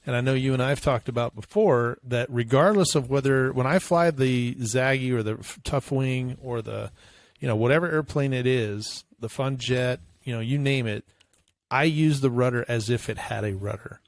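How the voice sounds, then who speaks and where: A man's voice: medium pitch, moderate pace, no echo. Man musing aloud on a podcast. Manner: hesitant, thinks aloud with fillers. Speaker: podcast co-host. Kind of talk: casual chat.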